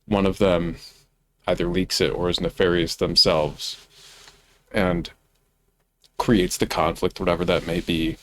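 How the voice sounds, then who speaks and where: A man's voice: deep voice, little pitch movement, unhurried, long pauses, fairly bright tone, slight background noise. A man co-hosting a podcast in casual fan chat, laid-back and swearing freely. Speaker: co-host.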